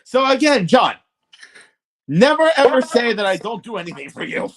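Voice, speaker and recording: A man's voice: extremely high pitch, sing-song, moderate pace, fairly bright tone, slight background noise. A man telling rambling, profane stories on a podcast, with lots of restarts. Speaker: podcast guest co-host. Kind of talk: casual storytelling chat.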